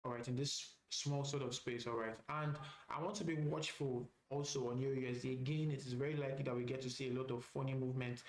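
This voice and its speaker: A man's voice: mid-range voice, fairly even intonation, quick pace, hardly any pauses, echoey room, rough recording. A man teaching a live trading session, talking through charts casually and often repeating phrases with "all right" fillers. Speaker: trading instructor.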